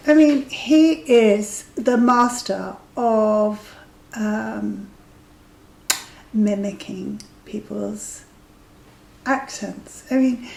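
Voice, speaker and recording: Slow, gravelly woman in her fifties. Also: on the high side, dark tone, reverberant, poor audio. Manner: chatty, amused, drops to a whisper for asides. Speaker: vlogger sharing dating stories. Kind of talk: casual anecdotal storytelling.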